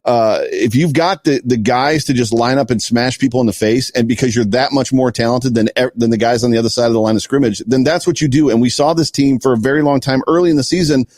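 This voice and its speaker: A man's voice: medium pitch, fast, few pauses, darkish tone, no echo, clean studio sound. A man giving his take in a casual sports podcast, emphatic and punchy. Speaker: guest analyst.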